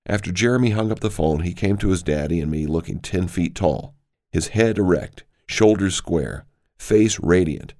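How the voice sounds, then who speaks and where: Guy with a really low voice reading a devotional, slow and earnest. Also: a little mellow. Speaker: devotional reader.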